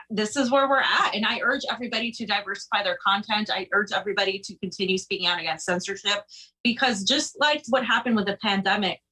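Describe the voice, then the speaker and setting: Bright-voiced woman co-hosting a talk show. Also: mid-range voice, low-quality recording. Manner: conversational, halting with fillers. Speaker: podcast co-host. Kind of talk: casual political talk.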